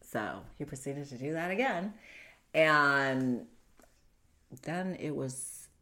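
Woman w a really low voice, telling her story in an interview, halting, earnest. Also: lively intonation, pushed and bright. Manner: earnest, halting, with frequent fillers and restarts. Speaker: guest recounting domestic abuse.

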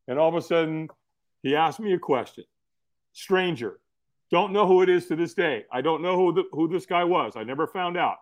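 Speaking a little fast in a slightly high voice, a man guesting on a podcast tells an animated, easygoing story. He impersonates others' dialogue, often breaks into laughter, and drops the occasional swear word.

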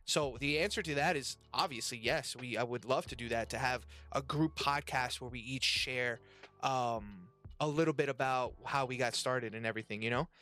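Bright-voiced man, casual podcast host, animated, profane, faint music behind. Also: mid-range voice, moderate pace. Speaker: podcast host and restaurant worker. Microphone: webcam and desk mic.

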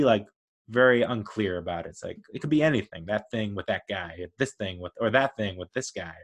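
A man hosting a movie podcast, rambling enthusiastically with lots of fillers and quick laughs. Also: fairly low pitch. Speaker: podcast host. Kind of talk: casual movie review podcast.

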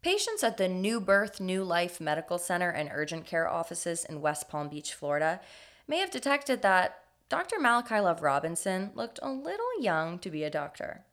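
A woman podcast co-host telling a true-crime tale in scripted comic narration, measured and deliberate. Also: on the low side, very animated, fairly bright tone.

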